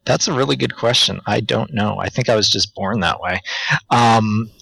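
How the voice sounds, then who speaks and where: Brief: male guest, low gravelly voice, unsure and modest. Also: moderate pace, fairly bright tone, no echo, low-quality recording. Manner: hesitant, modest, many ums. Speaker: podcast guest. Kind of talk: casual podcast chat.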